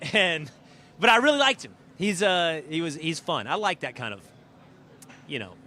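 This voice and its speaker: A middle-aged male show host, speaking casually from the green room at a live event, tells backstage stories and previews the show. He's animated and pushes key words hard, his slightly high voice bright and forceful at normal speed.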